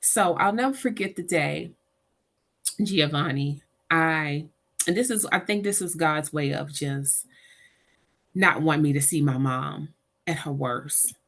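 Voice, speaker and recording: A woman's voice: low voice, a little slow. A middle-aged woman, an interview guest telling a personal caregiving story and acting out the voices of the people in it. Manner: animated, voices the people in her stories.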